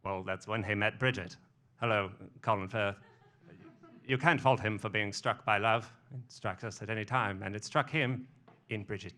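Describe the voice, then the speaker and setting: A man's voice: lowish voice, steady tone, moderate pace, bright, forceful tone. A man on stage impersonating a wry older actor with a London accent, clipped and hesitant. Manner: clipped, hesitant with repeated uhs.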